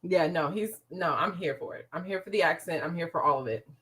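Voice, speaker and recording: A young adult woman co-hosting a casual chat, enthusiastic and quick to agree. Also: on the low side, a bit bright, breathy edge. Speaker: podcast co-host. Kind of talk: casual banter.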